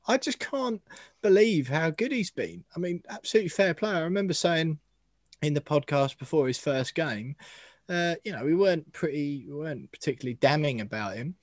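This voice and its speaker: A man's voice: on the high side, dry recording. Male podcast host, casual and self-mocking, dry close mic. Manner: chatty, laughs often, self-mocking. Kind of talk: casual football chat.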